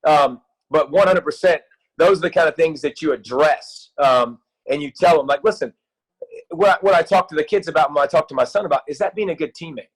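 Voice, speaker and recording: A man in his thirties, a youth football coach, talking in an excited, rambling way with many restarts in a casual interview. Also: fairly high pitch, brisk, breathy edge, low-quality recording.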